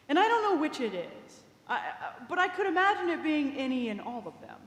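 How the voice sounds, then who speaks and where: A woman's voice: sits high, big pitch swings, a little fast, hardly any pauses, a bit bright. A woman preacher retelling a story in a conversational sermon, with small asides. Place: large cathedral. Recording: echoey cathedral with long reverb.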